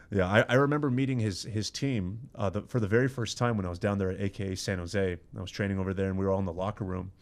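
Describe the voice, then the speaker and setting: A man, a podcast guest, chatting casually in a studio and telling lively stories with frequent laughs and quick restarts. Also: on the low side. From Iran. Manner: animated storyteller, laughs often, quick restarts. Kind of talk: casual chat.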